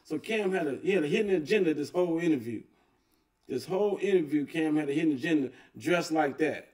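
Brief: a male reaction host, relaxed and agreeing, pitched a bit high, recorded off-mic. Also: fast, recorded from a distance. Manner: laid-back, agreeing, chuckling. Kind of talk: casual reaction commentary.

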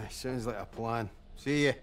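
An actor playing a weary young Scottish oil rig worker in a video game, gravelly and dry in his delivery. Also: medium pitch, slow. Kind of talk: game voice acting.

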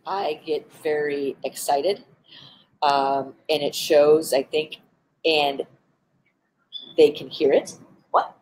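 A woman's voice: sits low, steady tone, slow pace, pauses often, a little mellow, slight background noise, poor audio. A woman who works with animals, hosting a casual live stream, talking earnestly with frequent ums and restarts. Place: indoors with animals around.

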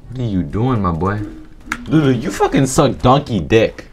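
A man's voice: mid-range voice, very animated, normal speed, slight background noise. A man giving casual, profane gameplay commentary, full of slang and trash talk as he plays. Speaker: gaming YouTuber.

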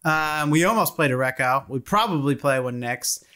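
A man co-hosting a casual retro-games podcast, joking and teasing in a relaxed chat. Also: a little high, normal speed. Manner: joking, teasing, crude jokes. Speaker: podcast co-host.

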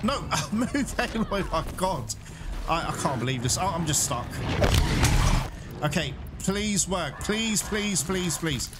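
Let's-player, male, slightly high and lively voice, cursing at the game, loud game audio behind. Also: unhurried, very noisy. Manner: talks to viewers, swears and laughs when frustrated. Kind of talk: live gameplay commentary. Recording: loud game sounds under the voice.

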